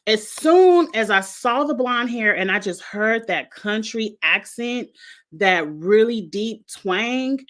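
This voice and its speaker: A woman's voice: on the high side, lively intonation, slow pace, a bit bright. A woman hosting a casual recap of a reality show, chatty and frank, sometimes talking straight to the contestants. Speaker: reality show reviewer, host.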